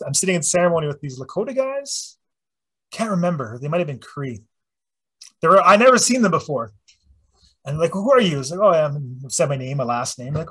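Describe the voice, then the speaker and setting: Man, high voice, husky, profane animated storytelling, casual talk. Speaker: presenter.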